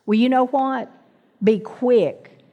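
Middle-aged woman preacher, slightly high voice, slow and deliberate, calls on the congregation, church reverb. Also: muffled recording. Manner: calls out to the congregation, asks for amens. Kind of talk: sermon.

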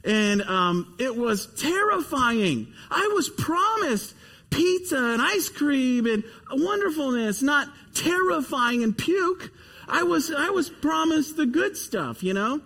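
A man preaching a sermon, telling a story with animated, emphatic repetition before leading a prayer. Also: extremely high pitch, slow pace, big-room sound. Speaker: pastor.

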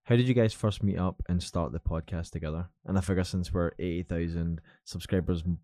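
A man's voice: deep voice, steady tone, fairly quick, dark tone, no room sound, studio quality. A man reading out a listener question on a podcast, a little hesitant. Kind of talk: casual chat.

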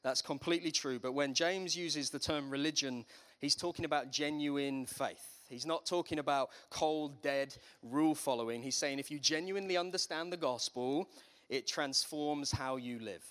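A man's voice: a little high, normal speed, fairly bright tone. A man preaching a sermon as pastor, in a conversational way with humorous asides.

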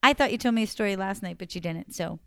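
A woman voicing a huge, gruff, man-eating giant who booms slowly and hisses some lines in a loud whisper. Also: no room sound, studio quality. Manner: booming slow chant with hissed whispery lines.

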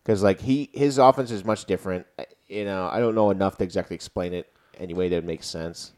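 A young man co-hosting a casual sports podcast, talking fast and getting loud and profane when he relives big plays. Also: sits low. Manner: excitable, swears and yells when reliving plays. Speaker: podcast co-host.

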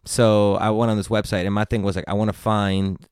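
A man guest on a podcast, telling funny stories in an animated way and acting out the people in them. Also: fairly low pitch, clear, resonant tone, no echo, studio quality. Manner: fast, animated, acts out voices in his stories. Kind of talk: casual comedic storytelling.

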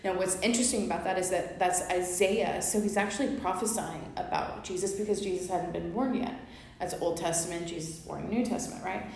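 A woman's voice: lowish voice, creaky, darkish tone, a little hiss or hum. A woman co-hosting a faith podcast, explaining scripture in an earnest, casual way with many fillers. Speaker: podcast co-host. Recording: very echoey room with faint ambience.

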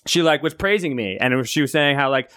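Man, comic podcast co-host, wry storyteller, smooth clear voice. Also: mid-range voice, quick pace, fairly bright tone, dry recording, studio quality. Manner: self-mocking storyteller, jokey and sarcastic. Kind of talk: casual podcast banter.

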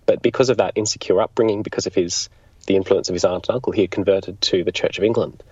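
A low, husky male voice talks through a political life story at an easy conversational pace, pausing and rephrasing as he thinks. The recording is dry and dull, like a modest lo-fi setup. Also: fairly even intonation, no echo. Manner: thoughtful, explanatory, with frequent restarts. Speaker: interview guest, political biographer. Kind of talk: conversational history interview. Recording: dull lo-fi sound.

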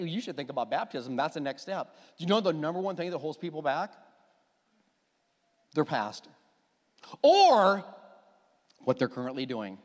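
A man preaching a sermon as pastor, lively and joking, acting out little quoted exchanges. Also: a little high. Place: church sanctuary. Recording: long church hall reverb.

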